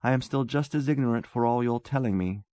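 A man reading a story voices a wistful English gentleman who talks earnestly and tenderly. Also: mid-range voice, fast, dry recording, natural voice.

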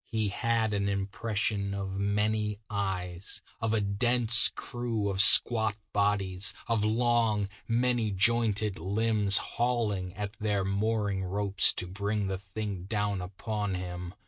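Slow, low-voiced male storyteller. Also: flat delivery, dry recording. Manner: slow, measured reading. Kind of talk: scripted narration.

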